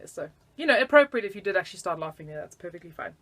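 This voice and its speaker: Bright-voiced, giggly woman flute teacher. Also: on the low side, big pitch swings, very fast. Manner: chatty, giggly, self-deprecating asides. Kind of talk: casual video lesson.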